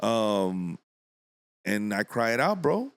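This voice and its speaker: A man's voice: lowish voice, sing-song, takes it slowly, clean tone. A man hosting a podcast, talking in a rambling, earnest way and often restarting his sentences. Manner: rambling, earnest, self-interrupting. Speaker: podcast host. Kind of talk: casual chat.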